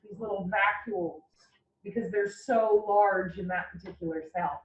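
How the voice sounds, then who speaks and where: A woman anatomy instructor giving a classroom lecture, explaining with playful, animated analogies. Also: mid-range voice, moderate pace. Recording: roomy, distant, dull lecture recording.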